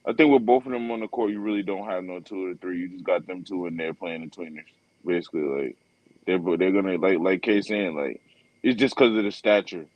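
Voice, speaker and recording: A man co-hosting a casual sports fan podcast, talking in a relaxed, rambling way with lots of fillers. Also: deep voice, fairly quick, highs cut off. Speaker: podcast co-host.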